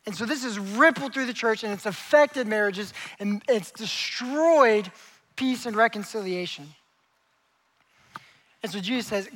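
Young pastor preaching, high bright voice, acts out the characters in his stories. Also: measured pace, poor audio. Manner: animated storytelling, acts out characters. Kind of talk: sermon.

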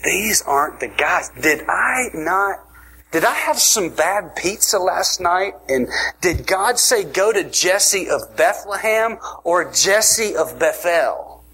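A man's voice: sits high, expressive, slow, pushed and bright, husky, pitched above the performer's own voice, heavily acted. A man doing a flustered old prophet. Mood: puzzled. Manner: comic, puzzled. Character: flustered old male prophet, second-guessing himself.

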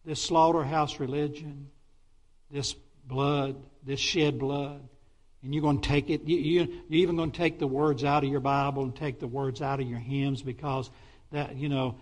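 A middle-aged man, a Baptist pastor, preaching a sermon in an animated way, with sudden excited outbursts and many stumbling restarts. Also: medium pitch, normal speed.

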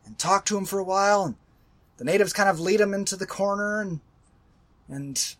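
A man's voice: high voice, normal speed. A man co-hosting a casual movie-review podcast over a video call on a headset, ranting and swearing, and losing his voice. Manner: ranting, profane, shouts when angry. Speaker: podcast co-host.

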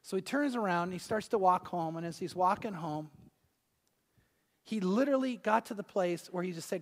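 A man preaching a sermon, telling a story and swinging between loud and hushed delivery. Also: high-pitched, moderate pace, big-room sound. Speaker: pastor. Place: church hall.

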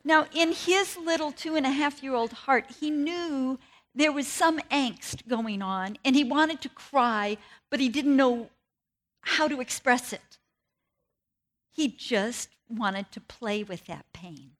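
Higher-voiced woman preaching a storytelling sermon. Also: slow pace. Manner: storytelling, earnest and personal.

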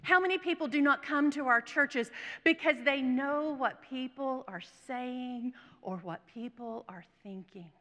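A woman preacher giving a chapel sermon, telling a personal story that moves between hushed whispers and emphatic bursts. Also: high voice, a little slow. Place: seminary chapel. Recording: long reverb of a chapel.

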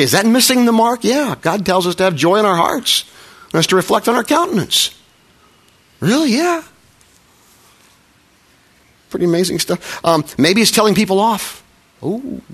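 Conversational pastor with a lively voice. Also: male voice, sits high, brisk. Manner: conversational, self-deprecating, with frequent restarts and little acted quotes. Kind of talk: sermon.

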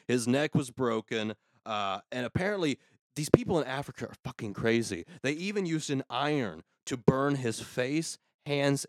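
A man's voice: mid-range voice, no room sound. Crude, ranting man on a podcast. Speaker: podcast host. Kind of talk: casual comedic rant.

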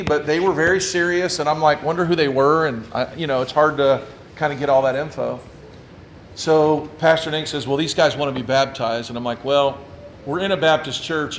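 A man who is a pastor telling a story in a lively, humorous way and acting out his own quotes. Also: a little high, a little hiss or hum. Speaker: Presbyterian pastor. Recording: echoey room with faint ambience.

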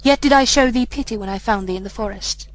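A woman's voice: on the high side, fast talker, natural voice, poor audio. A woman reading the part of a stern but kindly woodcutter, with a grave, reproachful manner.

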